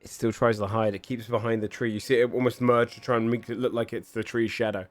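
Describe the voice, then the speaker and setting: A man's voice: medium pitch, flat delivery, no room sound. Brief: male game master, mid-range voice, loose descriptive narration, dry close sound. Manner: descriptive, unhurried scene narration with "kind of" and "like".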